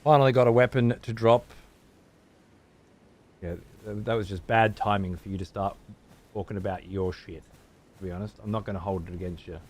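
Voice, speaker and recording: A man's voice: lowish voice, fairly even intonation, a little fast, long pauses. An Australian man streaming a game live, ranting and swearing heavily while he talks to his chat. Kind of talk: live gameplay commentary.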